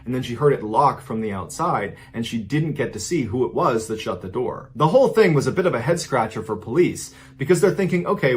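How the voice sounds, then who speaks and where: A man hosting a storytelling show, recounting a true crime story in a conversational style with dramatic emphasis on key lines. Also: mid-range voice. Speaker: host and storyteller.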